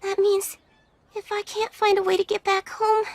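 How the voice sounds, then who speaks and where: A high-pitched young witch girl. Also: level tone, moderate pace, a little mellow. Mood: earnest. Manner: polite, earnest. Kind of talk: anime English dub.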